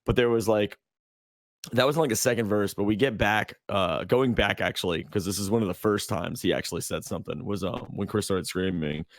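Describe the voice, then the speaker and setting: A man's voice: on the low side, brisk, no room sound, studio quality. A man co-hosting a podcast, telling a long story in casual chat, rambling with lots of fillers and restarts. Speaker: podcast co-host.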